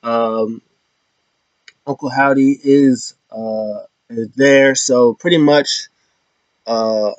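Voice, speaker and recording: An animated man talks through a casual wrestling recap at a medium pitch. He keeps jumping into high, mocking voices for quotes, over a dull, lo-fi mic in a dry room. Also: drawn-out words, pauses often, no echo. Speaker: wrestling show recap host.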